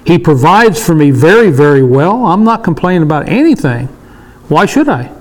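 A man's voice: fairly high pitch, very animated, moderate pace, poor audio. A man in his sixties leading a casual Bible study discussion, emphatic and repeating his points for stress. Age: 60s.

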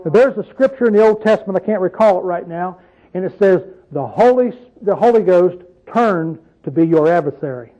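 Man, preacher, informal Bible teaching, high voice, mellow tone, chatty, questions to listeners. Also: lively intonation, moderate pace, muffled recording. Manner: conversational, asks the audience questions, tells folksy asides.

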